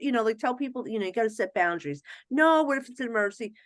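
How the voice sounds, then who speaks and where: A middle-aged woman, a psychic medium guest on a podcast, telling stories in a casual, animated way, often acting out other people's voices and laughing. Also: fairly high pitch, quick pace, hardly any pauses, no echo. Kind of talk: casual storytelling in a podcast interview.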